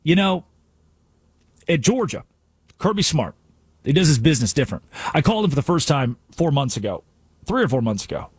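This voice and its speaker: Man, sports talk host, ranting, sarcastic, slightly high voice, dry studio. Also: sing-song, fast talker, slightly rough, no echo. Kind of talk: sports talk radio monologue.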